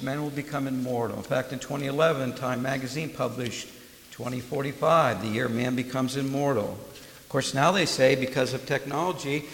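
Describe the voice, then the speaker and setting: A man preaching a sermon, swelling loud and fervent, then dropping quiet. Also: medium pitch, creaky, slight background noise. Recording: echoey hall.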